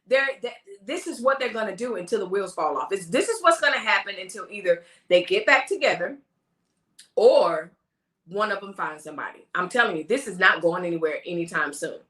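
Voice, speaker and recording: A woman hosting a casual live-stream chat, animated and laughing, mimicking the people she talks about. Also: medium pitch, a little fast, echoey room. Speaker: host of a live talk stream.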